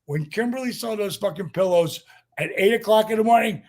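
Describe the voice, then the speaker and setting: An older man with a notably high speaking voice tells a rambling story as a podcast guest. He swears freely, leans on fillers, and performs the lines of the people in his story. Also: fairly quick, darkish tone. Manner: profane, acts out quotes, lots of fillers. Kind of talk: animated storytelling.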